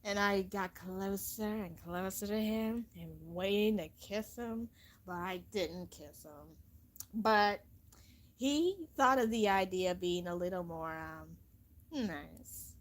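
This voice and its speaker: A woman telling a homemade story in a casual, dramatic way, swinging from hushed to loud. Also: medium pitch, slow pace.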